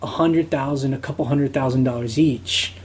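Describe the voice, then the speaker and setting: A man's voice: medium pitch, fairly even intonation, normal speed. A man co-hosting a casual podcast, rambling and full of "you know" and "like". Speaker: podcast co-host on reselling.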